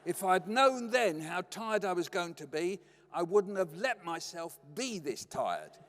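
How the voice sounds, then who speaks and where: A man's voice: high-pitched, very animated, measured pace, fairly bright tone, heavily acted. A man doing an exasperated one-upping mum. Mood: insistent. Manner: insistent, competitive.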